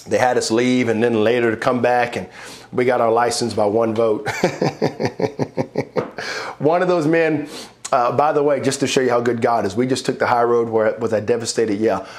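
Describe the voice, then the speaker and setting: A man preaching a sermon as pastor, telling his own story with lively acted-out voices and frequent laughter, building to rousing praise. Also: medium pitch, a little fast. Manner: animated, acts out voices in his stories, laughs often. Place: church online worship service.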